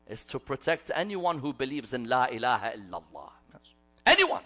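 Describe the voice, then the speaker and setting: Man, preacher, sermon, dramatic storytelling, loud then hushed, animated pitch. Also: moderate pace. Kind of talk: religious sermon. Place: majlis gathering hall.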